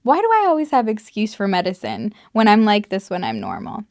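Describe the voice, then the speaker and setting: A woman vlogger talks true crime straight to her viewers in a candid, blunt way, swearing freely and leaning on fillers. She is getting over an illness, and her voice sits at an ordinary middle pitch in a dry, close recording. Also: huge pitch swings, a little fast, a little mellow, no echo. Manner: candid, swears freely, many likes and you knows. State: recovering from illness, on antibiotics. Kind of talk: casual true crime commentary to camera.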